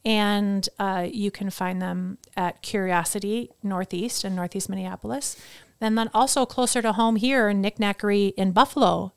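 A middle-aged woman chats as a podcast guest, her voice smooth and resonant. She tells her stories in an animated, talkative way, and the studio sound is close and dry with no room echo. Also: mid-range voice, moderate pace. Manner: chatty, animated storyteller. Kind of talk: casual interview chat.

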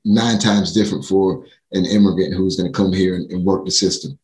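An American man speaks earnestly in a casual talk, thinking aloud and often restarting his sentences. His voice sits somewhat low. He sounds reflective rather than showy. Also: steady tone, brisk, a little mellow, roomy sound, low-quality recording. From United States. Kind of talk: casual chat.

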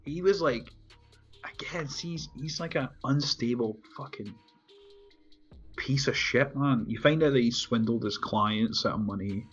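This podcast commentator has a mid-range, slightly rough voice and speaks a little slowly. He casually talks over a film, laughing often and swearing freely as he animatedly recaps scenes, and the recording is dull and lo-fi with faint music.

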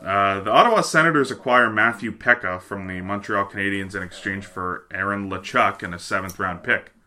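A man co-hosts a loose sports chat show, with a very bright, edgy tone in a fairly low voice. He swears casually and rattles off trade news between jokes. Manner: profane, offhand, reads news items quickly. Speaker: podcast co-host.

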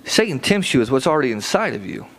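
A man's voice: medium pitch, big pitch swings, fast talker, slight background noise, rough recording. A man preaching a sermon in a casual, conversational way, repeating phrases for emphasis and often asking "right?" to check in with listeners. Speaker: pastor.

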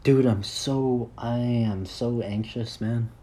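A man's voice: mid-range voice, fairly even intonation, slow, dark tone, a little hiss or hum. Rambling, crude young podcast host man. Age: 20s. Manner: rambling, self-deprecating, crude. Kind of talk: solo podcast monologue.

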